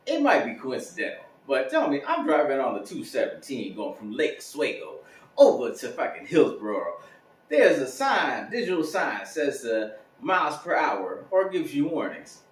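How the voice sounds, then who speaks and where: Lively man telling comic stories. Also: mid-range voice, normal speed. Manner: lively, profane storytelling with laughs. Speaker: comedian. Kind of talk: casual stand-up monologue. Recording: echoey room, mic at a distance.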